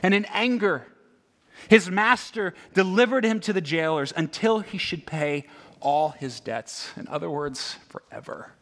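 A man whose voice sits high speaks at a measured pace while preaching. The pastor's sermon is animated and conversational, with many rhetorical questions and frequent "right?" tossed to listeners.

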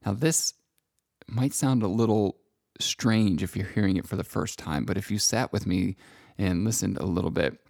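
A middle-aged man speaking slowly and gently in a reflective personal monologue about feelings, with long pauses. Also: on the low side, vocal fry, no echo, clean studio sound. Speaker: self-help speaker.

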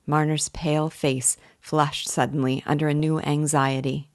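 A woman teacher reading a classic novel aloud in calm, measured audiobook narration. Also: deep voice, no echo, clean studio sound.

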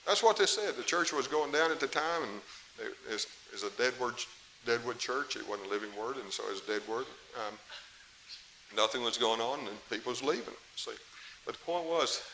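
A man's voice: mid-range voice, fairly quick, gravelly, bright, forceful tone, rough recording. A middle-aged man preaching a sermon in a folksy, emphatic way, with asides to the congregation. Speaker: pastor. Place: church. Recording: faint hiss, 1990s tape.

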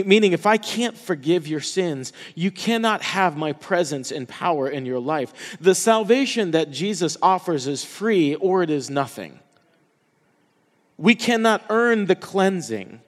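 Pastor preaching in a reverberant hall. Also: male voice, on the high side. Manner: passionate, dropping to hushed tones for quotes. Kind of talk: sermon.

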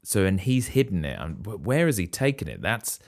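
A man with a low voice that swings up and down a lot, reacting playfully and joking as his co-host tells a story. He speaks in an easy, casual podcast tone. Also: big pitch swings, brisk. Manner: playful, reacting with gasps and jokes. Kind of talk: casual chat.

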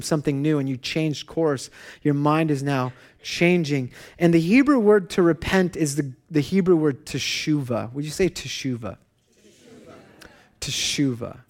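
A man preaching as pastor, telling a family story with laughs and soft, quiet asides, in a church hall. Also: fairly high pitch. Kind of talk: sermon.

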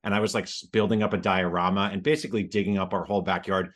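A man's voice: low-pitched, flat delivery, quick pace. A man co-hosting a podcast who tells childhood stories in a joking, self-deprecating way. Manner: jokey, self-deprecating storyteller. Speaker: podcast co-host. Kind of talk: casual chat.

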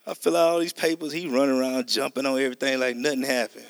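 A man's voice: mid-range voice, fairly even intonation, quick pace, creaky. A middle-aged man preaching a testimony sermon, telling a story animatedly and acting out the dialogue. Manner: conversational, addresses listeners as y'all.

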